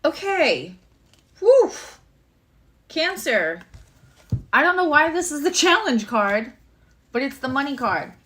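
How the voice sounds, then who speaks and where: A woman's voice: high voice, big pitch swings, unhurried, bright, forceful tone, slight background noise. A woman giving a casual live tarot and astrology reading, chatty and rambling with many fillers and asides.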